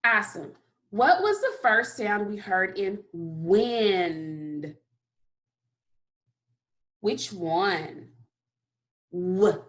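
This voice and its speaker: In a recorded phonics lesson for kindergarteners, a woman with a medium-pitched, lively voice sounds out letters slowly and offers frequent, encouraging praise.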